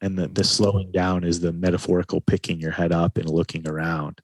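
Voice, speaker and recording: A man, a guest in an interview, speaking in a calm, reflective way and often slowing his speech down. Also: low-pitched, no room sound. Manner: calm, slows his speech to stress points. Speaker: podcast guest, men's retreat facilitator.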